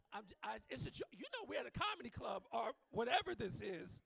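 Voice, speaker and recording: A man's voice: extremely high pitch, big pitch swings, fairly quick, gravelly, fairly bright tone, breathy edge, no room sound. A man performing a live stand-up set on a comedy club stage, swearing freely and teasing the crowd. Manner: profane, loose, teasing the crowd.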